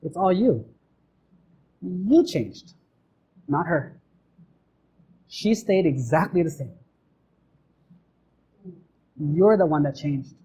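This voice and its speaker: A man's voice: a little high, lively intonation, slow pace, pauses often, dark tone, slightly rough, muffled recording. A man, a monk, giving a question-and-answer dharma talk in a temple, playful and acting out little everyday scenes. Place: temple hall.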